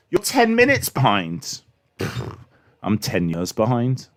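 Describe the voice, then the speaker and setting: A man hosting a live reaction stream, excitably commenting and answering chat questions, his microphone clipping when he gets loud. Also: mid-range voice, slow pace. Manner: excitable, hums entrance themes, answers chat. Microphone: desk microphone that clips when loud.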